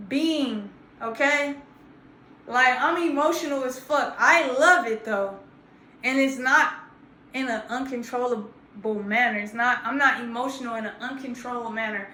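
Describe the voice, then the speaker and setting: A woman around thirty, casually telling a story to camera in an animated, profane, slangy way. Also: high-pitched, slight background noise. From grew up in Georgia, US South. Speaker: vlogger. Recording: roomy echo.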